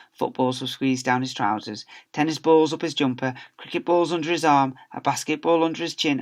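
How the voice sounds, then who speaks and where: A male teacher reading a children's story aloud in a lively, expressive way. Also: medium pitch, gravelly.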